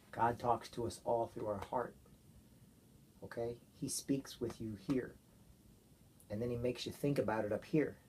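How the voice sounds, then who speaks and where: A father giving his young daughter an earnest, gentle talk, often checking with "okay?". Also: medium pitch, husky. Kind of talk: heartfelt talk to his child.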